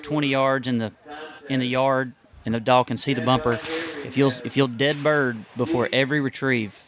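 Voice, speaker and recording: A man chatting in a relaxed way about his experience working his own dog. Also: mid-range voice, normal speed, a crowd in the background. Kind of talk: casual chat.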